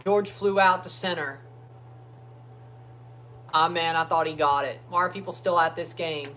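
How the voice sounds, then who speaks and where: A man hosting a casual sports watchalong livestream from his phone, talking loosely and breaking into excited chants for players. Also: a little high, unhurried. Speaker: livestream host. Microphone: phone streaming app.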